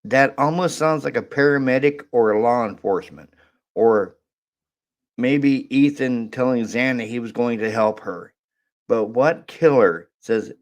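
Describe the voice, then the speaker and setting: A man's voice: medium pitch, unhurried. A man commenting on a crime case in a blunt, scoffing, emphatic way. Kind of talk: skeptical commentary.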